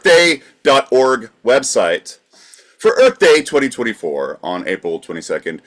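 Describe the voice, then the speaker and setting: A man co-hosting a podcast, calmly wrapping up segments and reading out sources. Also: medium pitch, measured pace. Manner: dry, wraps up segments. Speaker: podcast co-host. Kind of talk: casual podcast banter.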